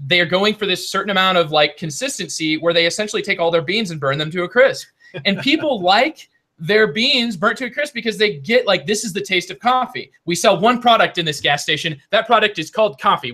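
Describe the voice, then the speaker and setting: A man's voice: high voice, sharp tone. A young man telling a long story in a casual board game podcast chat, full of restarts and asides. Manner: rambling storyteller with many restarts. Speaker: podcast co-host.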